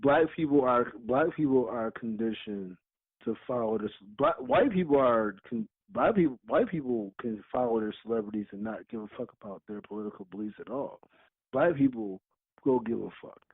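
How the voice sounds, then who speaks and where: A man's voice: medium pitch, lively intonation, moderate pace, husky, no echo. A man co-hosting a podcast, talking bluntly with lots of swearing and laughing while he teases his friends. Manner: blunt, profane, laughs a lot while teasing. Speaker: podcast co-host. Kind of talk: casual chat. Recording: tinny phone-like line.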